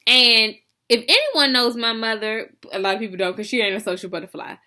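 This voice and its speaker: Young woman, fairly high and very bright voice, chatty casual story vlog, loose and full of asides. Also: a little fast. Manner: animated, chatty, heavy with fillers and asides. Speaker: vlogger telling a story.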